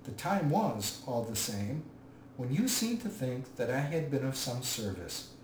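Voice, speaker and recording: A man's voice: medium pitch, sing-song, unhurried, darkish tone. A man voicing Bilbo, a fussy indignant hobbit. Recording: roomy, distant mic, faint hiss.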